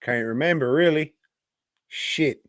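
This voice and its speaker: Slow, rambling male podcast co-host. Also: on the high side, fairly bright tone, no room sound, clean studio sound. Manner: rambling, joking, drops "mate" and "blokes and birds" slang. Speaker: podcast co-host reviewing movies. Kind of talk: casual, profane movie-review banter.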